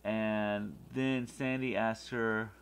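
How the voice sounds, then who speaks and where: A man hosting a podcast, retelling a TV episode in a halting, casual way with many fillers and restarts. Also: lowish voice, fairly even intonation, a little hiss or hum. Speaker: podcast host.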